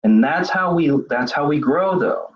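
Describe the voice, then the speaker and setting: A man's voice: on the high side, expressive, a little slow, breathy edge. A man presenting a recorded web seminar on leadership, explaining ideas as he thinks them through. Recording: dull lo-fi web seminar audio.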